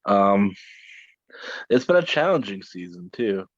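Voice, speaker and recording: A man co-hosting a podcast in casual chat, halting with ums and a dry, hesitant manner. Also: lowish voice, big pitch swings, no room sound. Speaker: podcast co-host. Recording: slightly dull, dry recording.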